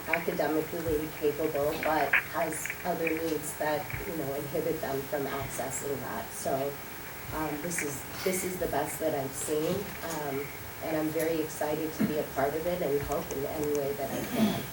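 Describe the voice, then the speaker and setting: A mother who is under the weather giving a grateful, emotional public comment, halting as she speaks. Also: low-pitched, fairly even intonation. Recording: roomy hall, distant from mic, loud noise.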